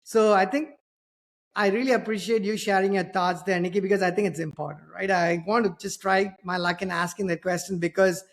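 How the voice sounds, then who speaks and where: A man's voice: high-pitched, steady tone, brisk. Indian-accented male host, middle-aged, talky and anecdotal, pokes fun at himself. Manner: chatty, anecdotal, self-deprecating. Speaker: podcast host. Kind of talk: casual conversation.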